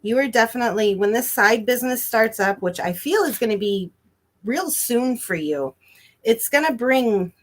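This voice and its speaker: A woman giving a psychic reading on a live stream, reassuring and emphatic, stretching out her phrases. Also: medium pitch. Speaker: psychic reader.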